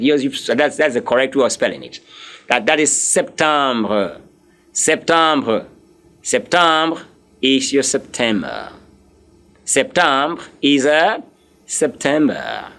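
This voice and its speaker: A man teaching French, drilling words slowly, spelling them letter by letter and encouraging his learners. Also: on the high side, fairly bright tone. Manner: encouraging, speaks directly to learners. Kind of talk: live online language lesson.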